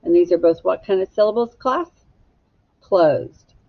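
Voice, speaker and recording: Slow, patient woman teaching phonics. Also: on the low side, muffled recording. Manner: slow, clear, patient, prompting children to echo. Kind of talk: phonics lesson for young students.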